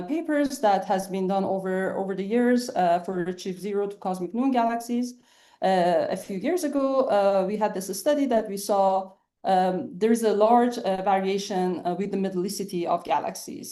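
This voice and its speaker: A woman's voice: mid-range voice, mellow. A woman researcher giving a scientific lecture over a video call, explaining steadily with frequent "uh" fillers. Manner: many "uh" fillers, measured explanatory pace. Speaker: astronomy researcher giving a webinar talk.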